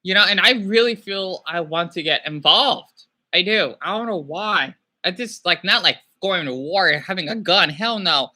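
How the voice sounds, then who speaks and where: Bright-voiced man ranting on a livestream. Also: sits high, moderate pace. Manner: rambling, excitable, apologetic. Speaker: livestream host. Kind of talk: casual livestream rant.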